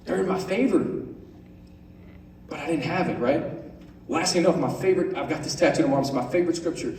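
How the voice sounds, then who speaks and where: A young man giving a casual, conversational sermon to a youth group, often asking "right?" and reading scripture out slowly. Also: a little high, a little mellow, a little hiss or hum. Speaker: youth pastor. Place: large room on stage. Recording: echoey room, voice from far off.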